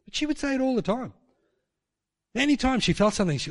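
A man's voice: extremely high pitch, very animated, fast talker, long pauses. A man preaching a sermon, telling stories and asking rhetorical questions. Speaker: pastor.

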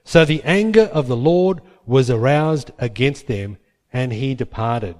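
A man preaching a sermon, retelling Bible stories with lively acted-out quotes. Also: mid-range voice, measured pace. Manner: lively storytelling, acts out biblical characters in quotes. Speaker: pastor.

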